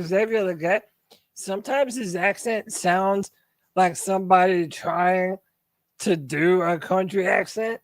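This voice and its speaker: A man co-hosting a casual sports podcast, animated and quick to quiz the panel. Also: high voice. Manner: animated, asks the panel questions. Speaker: podcast co-host.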